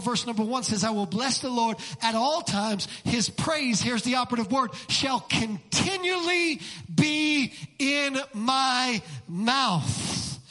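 Middle-aged male pastor, fervent sermon delivery, high and forceful tone, big echoing sanctuary. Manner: fervent, repetitive preaching that builds to shouts. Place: church sanctuary. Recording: long hall reverb in a church.

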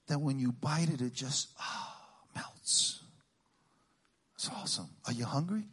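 A middle-aged man from Puerto Rico doing a stand-up routine, teasing the crowd with quick questions and Spanish exclamations. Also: mid-range voice, a bit bright, husky. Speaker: stand-up comedian.

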